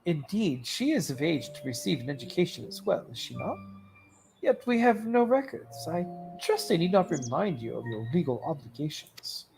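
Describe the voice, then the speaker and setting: Woman voicing stern officer, low voice, clipped formal lines, game reading. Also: sing-song, normal speed, creaky, music in the background, full character voice, low-quality recording. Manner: lowered, clipped, formal delivery. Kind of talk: reading game dialogue aloud.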